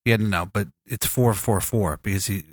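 Man, podcast host, stuffy nose, low voice, rambling jokey chat. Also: moderate pace, dry recording, clean studio sound. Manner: rambling, joking, bossy with co-host.

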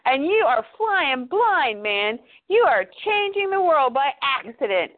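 A woman's voice: sits high, big pitch swings, unhurried, voice pushed up. A woman voicing a scornful grown man who bluntly lectures an old friend. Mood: scolding. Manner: blunt, scolding. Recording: tinny phone-like line.

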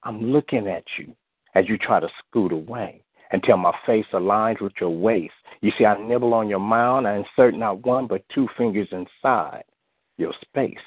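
A man reciting erotic spoken-word poetry in a slow, sensual way, often saying "you see", heard over a phone line. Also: lowish voice, husky, dry recording. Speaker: guest poet. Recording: tinny phone-line audio, dry.

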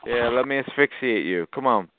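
A man's voice: mid-range voice, brisk, background noise. A man from Boston on a conference call, talking in a brash, taunting way and laughing at the other callers. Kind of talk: trolling phone chat. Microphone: phone. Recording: tinny phone line.

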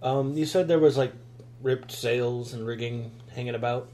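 A man's voice: mid-range voice, fairly even intonation, normal speed, darkish tone, a little hiss or hum. A man chatting as a player in a tabletop game, upbeat and jokey. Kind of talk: casual chat at a game table.

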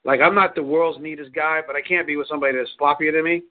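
A man's voice: on the high side, steady tone, fast talker. A man giving casual relationship advice, rambling, repeating words and laughing often. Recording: tinny phone line.

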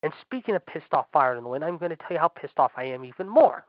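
A man's voice: on the high side, sing-song, quick pace, no room sound. A man hosting a wrestling podcast, ranting in a profane, sarcastic and fired-up way. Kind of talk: ranting commentary. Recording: dull lo-fi dry recording.

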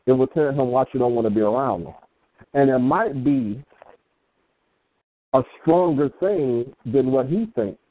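A man co-hosting an internet radio show, talking in a deliberate, measured and emphatic way. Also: medium pitch. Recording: tinny phone-like line.

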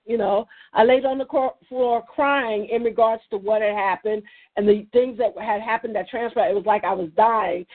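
A woman's voice: on the high side, moderate pace. A woman leading a faith roundtable, talking earnestly with many restarts and fillers over a phone call. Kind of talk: casual faith discussion. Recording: tinny phone line.

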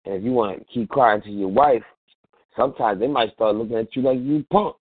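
A man's voice: medium pitch, fairly quick, no echo, narrow, tinny audio. A man giving blunt, slangy advice on a talk radio show, acting out quoted voices as he goes. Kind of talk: casual talk radio commentary.

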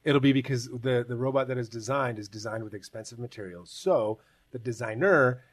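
A man's voice: medium pitch, brisk. A man co-hosting a podcast, talking bluntly with plenty of swearing. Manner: blunt, profane, ranting. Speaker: podcast co-host. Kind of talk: casual chat.

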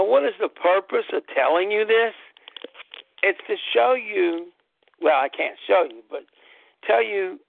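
A man tells his health story in an earnest monologue, circling back to repeat his key lines. His fairly high voice has a gravelly edge and moves at an unhurried pace. The sound is dry and tinny, like a phone line. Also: dry recording. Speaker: host. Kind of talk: personal health talk monologue.

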